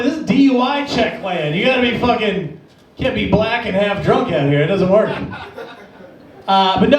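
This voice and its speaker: A man from Las Vegas doing a stand-up set, telling profane stories and yelling out other people's lines. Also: high-pitched. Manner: profane storytelling, acts out shouting characters. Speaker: stand-up comedian. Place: comedy club stage. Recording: echoey club, distant mic.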